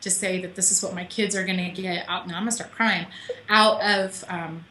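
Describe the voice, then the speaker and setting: A woman's voice: fairly low pitch, steady tone, moderate pace, pushed and bright, roomy sound, a little hiss or hum. A woman author being interviewed over a call from her home office, chatty and emotional, laughing often. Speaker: author guest. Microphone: call audio.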